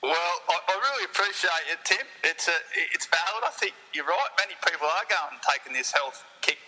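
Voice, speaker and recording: A man's voice: fairly high pitch, expressive, fairly quick, sharp tone, husky, in a large hall, exaggerated voice, low-quality recording. A man playing an agreeable podcast co-host in a comedy sketch.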